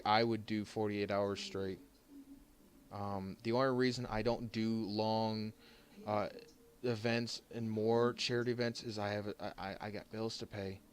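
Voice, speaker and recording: A lower-voiced man speaks straight to his viewers, choked up and fighting back tears. He talks in halting bursts, stumbles over his words and restarts them, then pushes on with sincere thanks. Faint room ambience hums under his voice. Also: slight background noise. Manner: halting and heartfelt, many restarts and pauses. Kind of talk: emotional off-the-cuff thank-you vlog.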